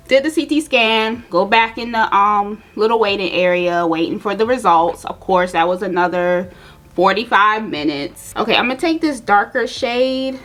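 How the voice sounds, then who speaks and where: A young woman vlogger chatting casually to her viewers, telling a personal story while doing her makeup, animated and direct. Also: mid-range voice. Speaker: beauty vlogger.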